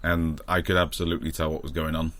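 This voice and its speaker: A man's voice: very deep voice, little pitch movement, fast, fairly bright tone. A man co-hosting a film podcast, making dry puns in casual banter. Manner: dry, punning. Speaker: podcast co-host.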